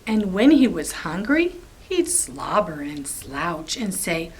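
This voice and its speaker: A woman librarian reading a picture book aloud to preschoolers in an expressive, sing-song way. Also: fairly low pitch, slow, few pauses, breathy edge, poor audio. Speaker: children's librarian storyteller.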